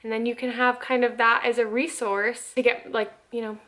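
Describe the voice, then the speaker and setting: A woman's voice: fairly high pitch, little pitch movement, moderate pace, pushed and bright. A woman in her twenties, a nursing student, talking casually to camera in a chatty, upbeat vlog with lots of "like" fillers. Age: 20s.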